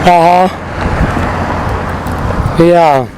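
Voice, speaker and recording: Outdoors beside a busy road, with loud traffic noise, a man hosts a street radio show in a rambling, repetitive, emphatic monologue. His voice is high and gravelly, and he speaks unhurriedly with frequent pauses.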